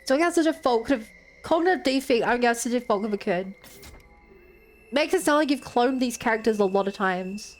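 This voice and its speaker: Woman streamer, game commentary, higher voice, soft music bed. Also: expressive, a little fast. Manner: thinking aloud, musing, many "like"s.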